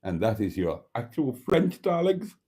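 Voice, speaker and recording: Guy reading viewer comments on a phone live stream, theatrical, calls everyone darlings, pitch swoops all over. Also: very animated, measured pace, mellow, husky. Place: at a table indoors. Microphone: phone camera.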